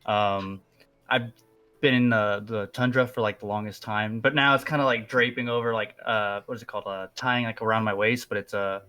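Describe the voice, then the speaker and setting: A man's voice: fairly low pitch, steady tone, moderate pace, bright, forceful tone. A man in a tabletop game describing his character in a rambling, easygoing way. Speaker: player. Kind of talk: casual chat.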